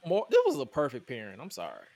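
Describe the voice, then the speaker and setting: Animated man recapping wrestling. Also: medium pitch, fast talker. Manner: animated, incredulous, quotes promos aloud. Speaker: podcast host. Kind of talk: casual wrestling recap chat.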